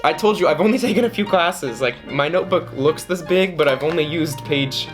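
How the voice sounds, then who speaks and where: Animated man telling a dating story. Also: fairly quick, faint music behind. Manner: animated, jokey, jumps into high mock voices. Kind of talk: casual storytime to camera.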